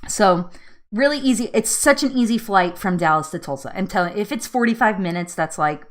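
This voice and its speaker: Lively woman telling a story. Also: medium pitch, brisk. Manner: animated, laughing often, acts out her own pleas. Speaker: host of a live weight loss chat. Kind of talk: casual live-stream storytelling.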